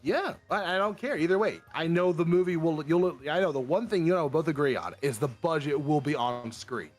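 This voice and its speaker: Speaking a little fast and a little high, a young man hosting a livestream trades casual chat with friends and gives his views. His manner is lively and opinionated, full of mock voices, over faint background music.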